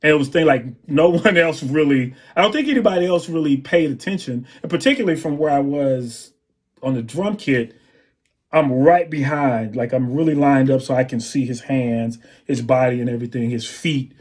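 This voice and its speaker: A man, a drummer and guest on an interview show, telling anecdotes in a relaxed way and scatting drum patterns. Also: medium pitch, normal speed. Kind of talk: interview storytelling.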